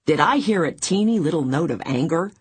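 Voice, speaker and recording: A woman voicing an easygoing older brother who teases his sister gently in an audiobook. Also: sits low, a little fast, slightly rough, no room sound, heavily acted. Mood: teasing. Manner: teasing, relaxed.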